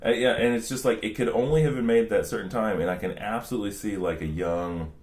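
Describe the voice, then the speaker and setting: A podcast co-host in his forties talks fast in a lowish, darkish voice, rambling through a casual chat full of "like" and "you know." The room sounds echoey.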